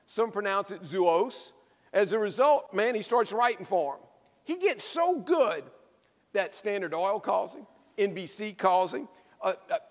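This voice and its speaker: A man preaching a sermon with a high, carrying voice. He tells his story with lively emphasis and repeats his key phrases. The sound rings out through a large, echoey church. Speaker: pastor.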